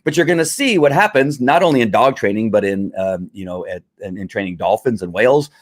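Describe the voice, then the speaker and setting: A man's voice: lowish voice, animated, fairly quick. A man hosting a live stream, explaining dog training in a conversational, repetitive teaching manner with fillers. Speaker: livestream host and dog trainer.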